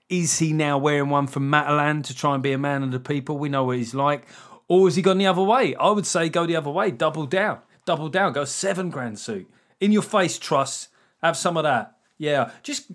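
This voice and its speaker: A middle-aged man hosting his own podcast, chatting alone in a rambling, sweary, self-mocking way. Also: mid-range voice. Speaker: podcast host. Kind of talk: casual solo podcast chat.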